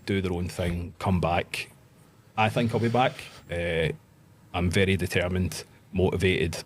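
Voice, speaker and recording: Husky Glaswegian man telling stories. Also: deep voice. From Scotland. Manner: animated storyteller, swears, acts out voices in anecdotes. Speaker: guest, pro wrestler. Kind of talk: casual storytelling chat.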